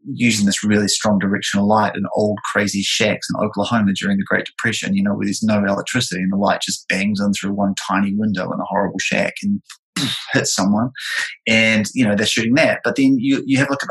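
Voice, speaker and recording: Rambling man, low voice. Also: gravelly, rough recording. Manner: rambling, animated, many filler likes. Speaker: photographer and former music producer. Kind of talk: casual chat.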